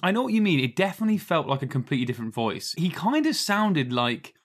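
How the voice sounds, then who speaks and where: A man co-hosting a casual film chat, animated and rambling, laughing often. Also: on the high side, quick pace. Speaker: podcast co-host.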